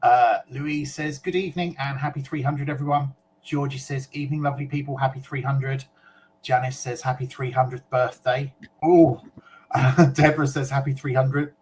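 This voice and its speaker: A man's voice: mid-range voice, steady tone, moderate pace, a little mellow, slight background noise, rough recording. A man from the UK co-hosting a casual web chat show, reading out viewer comments in a chatty way with fillers and small asides.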